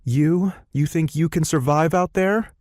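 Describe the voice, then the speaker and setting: A man's voice: on the high side, measured pace, a little mellow, dry recording, clean studio sound, voice pushed up, close to an everyday voice. A man voicing a sarcastic raven-haired young woman in an audiobook, scoffing at the others. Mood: doubtful.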